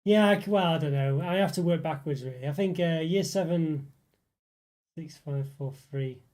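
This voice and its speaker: A man's voice: fairly high pitch, normal speed, a little mellow. A young man hosting a casual live stream, rambling and chatting with viewers, with lots of fillers and restarts. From northeast England. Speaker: livestream host reading chat.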